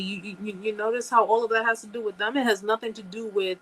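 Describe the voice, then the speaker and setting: A woman's voice: medium pitch, steady tone, fast, hardly any pauses, low-quality recording. A woman hosting a live chat, talking emphatically to her viewers, repeating phrases and calling them guys. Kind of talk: casual live-stream chat.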